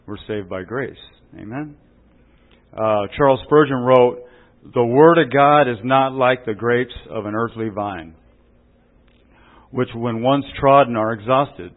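A man's voice: mid-range voice, a little slow. A man preaching a sermon in a folksy, joking way, often asking "Amen?" as he teaches. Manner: jokey, chuckles at his own stories. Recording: tinny phone-like recording.

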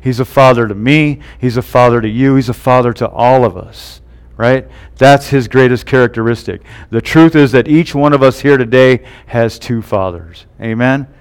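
Smooth-voiced male pastor preaching. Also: mid-range voice, moderate pace. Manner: tags lines with "right?" and "amen?". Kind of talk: sermon.

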